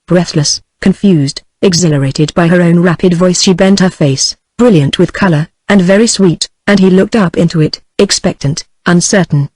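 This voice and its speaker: A woman's voice: on the low side, moderate pace, hardly any pauses, dry recording. Synthetic British woman narrating a novel. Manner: even, synthetic text-to-speech reading. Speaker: audiobook narrator. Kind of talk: scripted narration.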